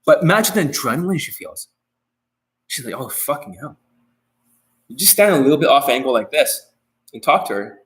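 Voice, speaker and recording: A man's voice: a little high, very animated, a little fast, fairly bright tone, rough recording. Blunt, profane male dating coach. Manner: blunt and profane, speaking straight to viewers; repetitive, says key phrases again. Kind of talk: live-streamed coaching talk.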